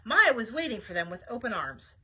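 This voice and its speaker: Lively woman librarian for a kids' read-aloud, high and bright, talks straight to the kids. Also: brisk, breathy edge, rough recording. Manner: chatty asides to young listeners. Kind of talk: reading a children's book aloud.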